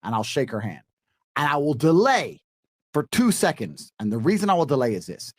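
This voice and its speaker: Man coaching guys on a podcast, kinda high voice, swings up and down, studio mic. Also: brisk. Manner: emphatic, coaching, acts out lines in a calm low voice. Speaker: podcast guest. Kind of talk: explaining dating advice to a panel. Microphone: studio microphone.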